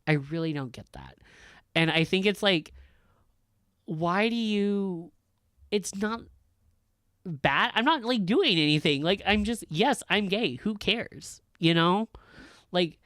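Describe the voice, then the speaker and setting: Casual ranting teacher, man, smooth clear voice, dry close sound, candid and profane. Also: fairly high pitch, fairly bright tone, dry recording. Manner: candid, blunt and profane, filler-heavy. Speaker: high school teacher.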